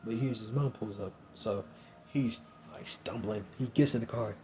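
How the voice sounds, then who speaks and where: Rambling young man, mellow voice. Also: fairly low pitch, moderate pace, a little hiss or hum. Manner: rambling, filler-heavy, says "you know what I'm saying" often. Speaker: storyteller. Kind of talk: casual improvised story narration.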